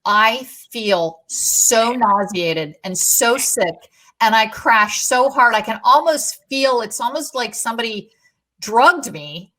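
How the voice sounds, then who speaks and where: A middle-aged woman, a guest and podcast co-host, telling stories in a lively, emphatic way during a casual conversation. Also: on the high side, slow.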